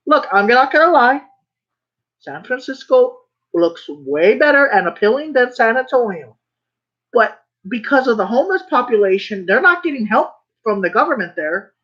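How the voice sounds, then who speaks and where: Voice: mid-range voice, very animated, moderate pace, fairly bright tone. Rambling emphatic vlogger with a muffled sound. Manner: rambling, repeats phrases, emphatic and defensive; swears when worked up. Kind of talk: casual monologue rant. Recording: slightly muffled recording.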